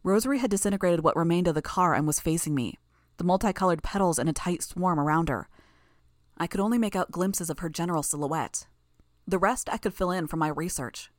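A woman narrating a first-person audiobook in a steady, even storytelling manner. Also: on the low side, brisk, dry recording, clean studio sound.

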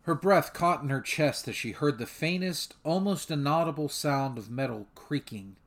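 A man narrating a fan audiobook in a measured, steady storytelling manner. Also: a little high.

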